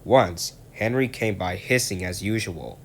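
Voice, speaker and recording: A man narrates a children's story aloud in a calm, steady reading voice. His pitch sits on the low side. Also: a little slow, slight background noise.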